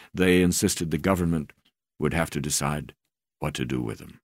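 A man reading a memoir aloud as an audiobook narrator, in a measured, deliberate way. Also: rumbling low, dry recording, studio quality.

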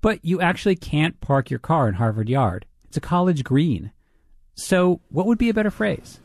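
A man hosting a radio feature, reading scripted narration in an even, clear way. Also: fairly high pitch, normal speed, dry recording. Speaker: radio host.

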